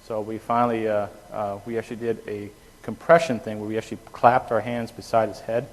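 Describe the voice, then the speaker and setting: A man's voice: fairly low pitch, level tone, brisk. A man giving a classroom lecture on anesthesia, explaining with homespun analogies and checking in with "okay?" after each point. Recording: reverberant lecture hall.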